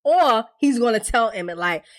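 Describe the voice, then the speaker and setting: A woman's voice: fairly high pitch, lively intonation, normal speed. A woman giving a casual, slangy recap of a TV episode, telling it like a story and acting out the quotes. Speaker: TV show reviewer.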